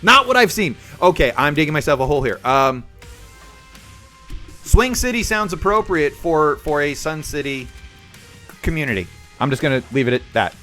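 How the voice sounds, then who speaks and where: Lively, bright-voiced male streamer. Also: a little high, normal speed, pauses often, soft background music. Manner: animated, acts out voices in his stories. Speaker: livestream host. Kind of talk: casual storytelling chat with viewers.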